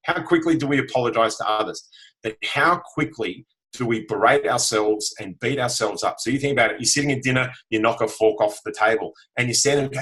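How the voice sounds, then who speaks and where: A man in his 40s appears as a guest self-help speaker over a video call, giving a frank, earnest motivational talk peppered with "right?" tags. His mid-range voice is brisk, bright and forceful, and the recording is rough.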